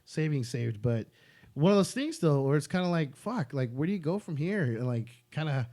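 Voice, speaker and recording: A man's voice: fairly high pitch, expressive, moderate pace, darkish tone. A man in casual podcast chat, a stand-up comic telling stories with lots of swearing and laughter.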